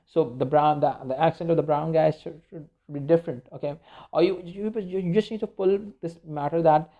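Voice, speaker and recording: Male media teacher, raised pitch, gravelly, loose lecture, dull lo-fi sound. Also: steady tone, moderate pace. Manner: rambling, many fillers and restarts. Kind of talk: informal recorded lecture. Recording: dull lo-fi recording.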